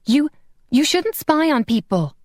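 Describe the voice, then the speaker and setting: A woman's voice: high-pitched, very animated, unhurried, darkish tone, no room sound, studio quality, voice pushed up. A woman voicing a wry, defensive, hot-tempered female vampire in an audiobook. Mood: guarded. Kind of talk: audiobook character voice.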